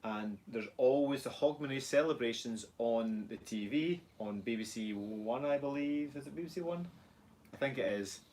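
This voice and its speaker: A man's voice: medium pitch, normal speed, darkish tone, slight background noise. A man with a Scottish accent co-hosting a casual live stream, joking around and reading viewer comments aloud. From Scotland. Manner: jokey, rambling, reads viewer comments aloud. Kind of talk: casual chat.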